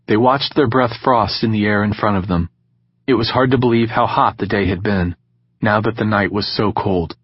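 A man narrating an audiobook in a calm, measured reading style. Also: on the low side, breathy edge, dull audio. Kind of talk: scripted narration.

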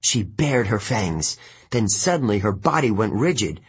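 A man narrating an audiobook in the first person, telling the story in a steady, even way. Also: lowish voice, a little slow, breathy edge.

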